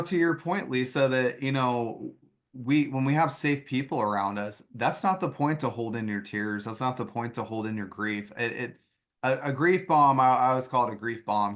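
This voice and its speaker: Male podcast host with a slightly low voice; earnest, reflective delivery, filler-heavy. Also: a bit bright. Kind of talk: conversational podcast interview.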